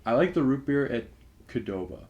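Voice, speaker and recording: A man's voice: medium pitch, animated, moderate pace, darkish tone, dull audio. Rambling young man, casual chat. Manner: rambling, filler-heavy. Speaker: podcast co-host.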